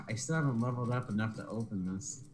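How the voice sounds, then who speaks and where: A man's voice: mid-range voice, brisk. A man playing a co-op video game on a livestream, talking in a dry, teasing way. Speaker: co-op gaming partner. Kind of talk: casual let's-play chat.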